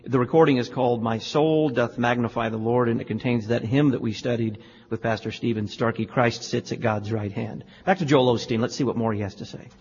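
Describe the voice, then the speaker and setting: Husky man, radio host, critical and lecturing, dull lo-fi sound with long reverb. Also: medium pitch, steady tone, brisk, a little mellow. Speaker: radio talk show host. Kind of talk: religious talk radio commentary. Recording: lo-fi studio with reverb.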